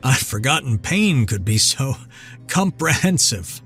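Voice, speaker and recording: A man voicing a centuries-old vampire lord, weak, bitter and halting. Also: mid-range voice, big pitch swings, a bit bright, faint music behind, voice pushed up. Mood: pained.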